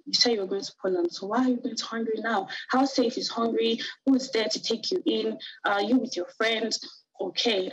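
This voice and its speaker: A young woman from Nigeria, a guest on a television interview, recounting a personal ordeal in an earnest, halting way with many fillers. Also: medium pitch, husky, dry recording, highs cut off.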